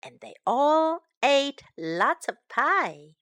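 A high, lively female voice reads a children's story slowly and clearly. Her tone is bright, and her pitch rises and falls with every phrase. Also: no room sound, clean studio sound. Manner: slow, clear, expressive reading with voiced characters.

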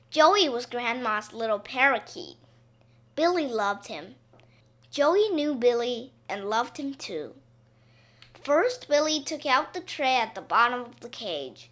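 Bright, lively woman reading a children's story. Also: a little high. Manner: slow, expressive read-aloud.

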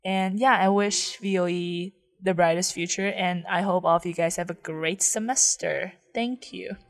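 A woman's voice: on the low side, fairly even intonation, moderate pace. A young woman from China, a college student, chatting casually as an interview guest in with lots of fillers. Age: young adult. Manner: chatty, many fillers and likes.

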